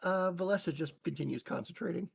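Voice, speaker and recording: A woman playing a tabletop game, giggly and lively. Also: on the low side, quick pace, gravelly, slightly rough. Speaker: player.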